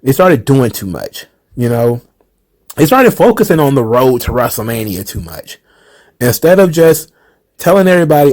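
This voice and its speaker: A man hosting a casual chat about wrestling, animated and quick to laugh, who asks lots of rhetorical questions. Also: medium pitch. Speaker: channel host answering viewer questions.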